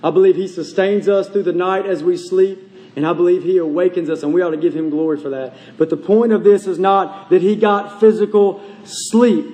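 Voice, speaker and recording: Male pastor, high voice, earnest sermon delivery, big church reverb. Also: dark tone. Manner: earnest preaching, slows and drops low on key phrases.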